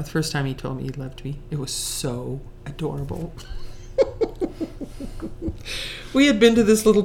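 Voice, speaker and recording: A woman with a low, deep voice shares a personal story in casual conversation. She is chatty and self-mocking, laughs a lot, and acts out the lines of the people in her story. A faint hiss sits under her voice. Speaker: storyteller recalling her courtship.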